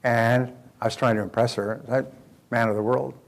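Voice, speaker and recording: A man's voice: mid-range voice, steady tone, moderate pace, vocal fry, a little hiss or hum. An older man speaking as a motivational speaker, telling a story in a loose, folksy way full of fillers and restarts. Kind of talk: seminar talk with a story.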